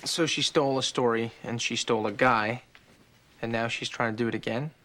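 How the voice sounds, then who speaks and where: An actor playing a mild-mannered male reporter in a TV drama, calm but exasperated. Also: mid-range voice, a little fast, close to an everyday voice. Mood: wry. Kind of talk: 1990s TV drama acting. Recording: lo-fi TV clip with noise.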